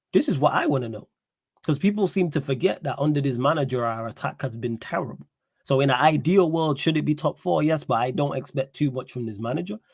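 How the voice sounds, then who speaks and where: Slang-heavy host, dry close mic. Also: male voice, on the high side, gravelly, no echo. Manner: animated, pressing questions, street slang. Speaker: show host reading live chat. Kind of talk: casual livestream football chat.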